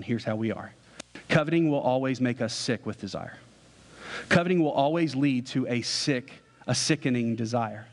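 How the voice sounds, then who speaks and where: A man's voice: a little high, big-room sound. A pastor giving a conversational sermon, asking his listeners questions and joking with them. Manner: conversational, asks the congregation questions, jokes.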